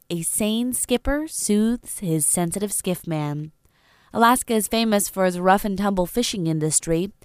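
A woman hosting a radio news program, reading a scripted introduction in a measured, polished way. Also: medium pitch, smooth, no echo, studio quality.

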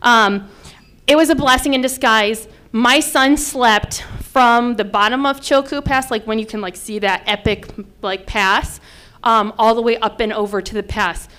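A woman in her thirties from upstate New York, telling a personal story with lively acted-out quotes. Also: a little high, a little slow, clear, resonant tone. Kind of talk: personal story told to an audience.

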